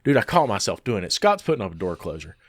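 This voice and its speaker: Male podcast co-host, lively storyteller with a swinging pitch, dry close sound. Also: quick pace, slightly rough, no echo. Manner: animated storyteller who acts out quoted people. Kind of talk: casual podcast chat.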